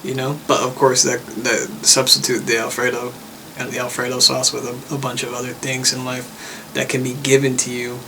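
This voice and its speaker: A young man talking casually to camera, relaxed and rambling, with many likes and uhs. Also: mid-range voice, normal speed. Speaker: vlogger. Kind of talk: casual vlog chat. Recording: faint background noise.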